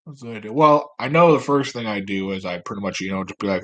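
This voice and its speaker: A man's voice: fairly low pitch, expressive, fast, hardly any pauses, fairly bright tone. A man ranting casually, rambling and sarcastic, with plenty of swearing. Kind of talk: casual rant.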